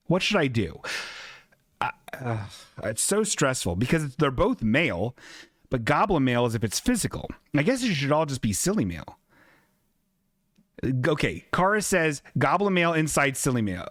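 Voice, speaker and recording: A man's voice: medium pitch, fairly bright tone, no room sound, clean studio sound. A man hosting a comedic live-stream show who talks in a rambling, flustered, jokey way. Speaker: host.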